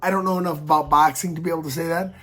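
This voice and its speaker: A man's voice: on the high side, steady tone, very fast, pushed and bright. A man giving rambling, worked-up reaction commentary on a fight, talking casually to his viewers with frequent restarts. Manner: rambling, repeats words, gets worked up.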